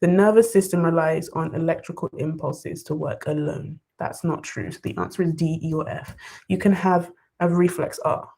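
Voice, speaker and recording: A young woman on a live study stream, reading questions aloud and reacting with bursts of excitement as she talks to her viewers. Her voice sits a little low for a woman. She sounds like she is at her desk at home. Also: normal speed, gravelly. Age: young adult. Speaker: study vlogger. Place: bedroom desk, wrapped in blankets.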